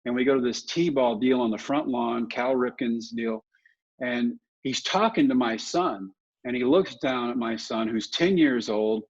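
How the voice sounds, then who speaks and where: A man in his fifties, a podcast guest and motivational speaker, telling lively, self-deprecating stories. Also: mid-range voice. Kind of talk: storytelling in a podcast interview. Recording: dull, muffled audio.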